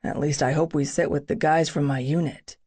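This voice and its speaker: A woman's voice: low-pitched, fairly even intonation, a little fast, mellow, breathy edge, voice pushed down. A woman voicing a confident, protective young male soldier in an audiobook, with a dry, teasing way of talking.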